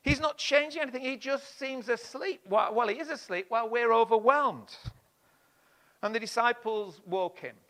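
A man preaching a sermon, expressive, swinging between loud emphasis and hushed lines. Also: very high voice, normal speed.

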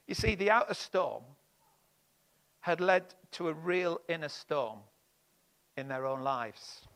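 Guy preaching, bright and pretty high, goes loud then real quiet for emphasis. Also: slow. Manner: expressive, swings between loud and hushed emphasis. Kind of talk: sermon.

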